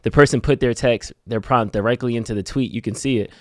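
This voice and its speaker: A man's voice: mid-range voice, steady tone, fast, dry recording. Laid-back man co-hosting, dry sound. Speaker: co-host. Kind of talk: casual stream chat.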